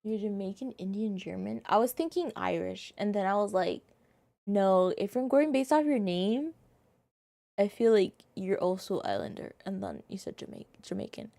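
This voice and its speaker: A young woman streamer chatting casually with her viewers in an animated, quick-reacting way. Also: medium pitch, vocal fry, no room sound.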